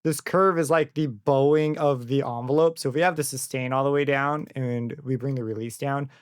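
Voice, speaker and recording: A man's voice: medium pitch, fairly even intonation, normal speed, clear, resonant tone, dry recording. Casual man explaining a synth plugin. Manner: casual, thinking aloud with fillers and self-corrections. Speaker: plugin reviewer. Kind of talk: screen-recorded software tutorial. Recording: dry close mic with synth music under it.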